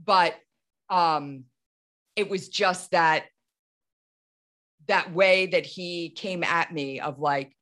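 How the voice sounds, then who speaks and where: Telling a story animatedly in casual chat, a thirties-aged woman podcast host keeps restarting her sentences and saying "like." She has a lowish, slightly bright voice, draws out her words, and pauses often.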